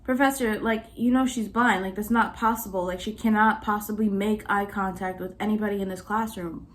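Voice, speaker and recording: A woman's voice: mid-range voice, fairly even intonation, brisk, natural voice. A young woman voicing her friend, a young woman who bluntly and matter-of-factly defends her in class. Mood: insistent.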